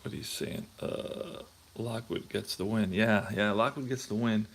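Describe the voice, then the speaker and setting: A man's voice: fairly low pitch, measured pace, vocal fry. A man hosting a tabletop baseball replay, chatting casually and thinking aloud as he checks scorebooks. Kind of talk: casual talk while playing.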